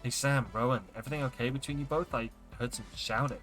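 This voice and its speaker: A man reading as a brisk, concerned woman. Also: mid-range voice, steady tone, a bit bright, faint music behind, lightly acted. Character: concerned friendly woman neighbour.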